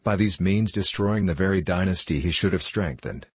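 A man voicing a scheming, commanding bishop who speaks in a measured, insistent, formal way, in a storybook reading. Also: low-pitched, breathy edge, dry recording.

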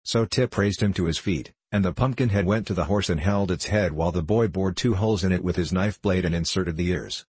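Audiobook narrator, man, very deep voice, dry close sound. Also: fairly quick, few pauses, husky, no echo. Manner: steady storytelling delivery. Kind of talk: scripted narration.

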